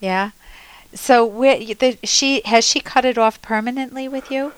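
A woman's voice: a little high, steady tone, measured pace, clean tone, no echo, low-quality recording. A woman radio therapist hosting a call-in show, earnestly coaching a caller with spoken examples.

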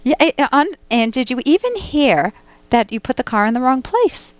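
Smooth-voiced woman radio psychologist. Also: high voice, very animated, normal speed, no room sound. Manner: direct, emphatic coaching with rhetorical questions. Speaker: radio call-in host, clinical psychologist. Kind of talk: radio call-in advice.

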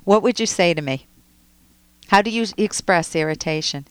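A woman's voice: fairly low pitch, normal speed, clean tone, no echo. A woman hosting a call-in advice show as a psychologist, coaching a caller with probing questions. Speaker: radio psychologist host.

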